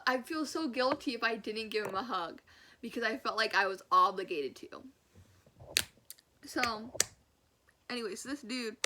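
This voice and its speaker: A young woman tells a personal story in a casual vlog, acting out what people said. Her voice sits a little high, and she laughs now and then. Steady background noise runs under the recording. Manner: animated, acts out quotes, laughs often. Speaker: storyteller vlogger.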